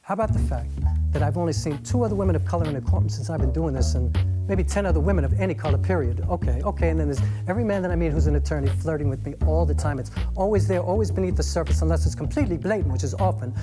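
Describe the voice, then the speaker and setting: Guy doing a fiery young lady lawyer, rapid cursing rant, music under it. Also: on the high side, lightly acted. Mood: heated. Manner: fast, heated and cursing. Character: young woman attorney, proud, defensive, fierce.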